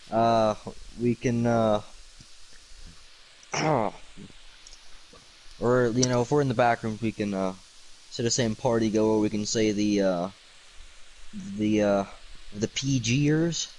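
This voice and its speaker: Man, tired, late-night livestreamer, slow unhurried pace, rambling goofy wordplay, lots of uhs. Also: lowish voice, a little mellow, poor audio. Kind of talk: casual late-night stream chat.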